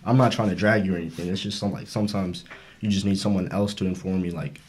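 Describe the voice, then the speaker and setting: Low-voiced young man with slangy diction. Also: steady tone, fast. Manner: earnest, slangy, slightly slurred diction. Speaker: podcast co-host. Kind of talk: casual group discussion.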